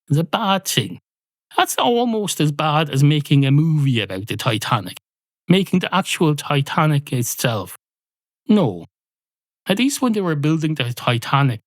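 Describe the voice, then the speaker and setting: Man, Irish accent, podcast host, comic monologue, mock-indignant, swearing, dry recording. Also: no echo. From Ireland. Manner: mock-indignant, swearing, darting pitch jumps.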